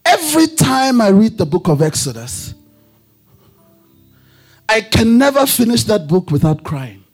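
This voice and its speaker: A male preacher delivering a sermon in a husky voice, with a sing-song preaching cadence that rises into shouts. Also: sits high, big pitch swings, a little slow, faint music behind.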